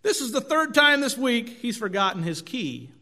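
A man's voice: very high voice, sing-song, normal speed, sharp tone, voice pushed up, heavily acted. A male preacher voicing an angry man in a told joke, raising his voice. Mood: exasperated. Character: angry, exasperated man at a door.

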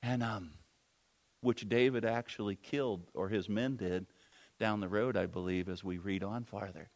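A man's voice: lowish voice, steady tone, moderate pace. A man preaching a sermon, telling the story in a rambling way full of fillers.

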